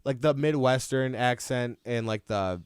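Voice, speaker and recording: Podcast host, man, smooth resonant voice, loose rambling delivery, dry close mic. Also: medium pitch, a little slow, dry recording. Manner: rambling, restarts, laughs along. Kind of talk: casual podcast chat.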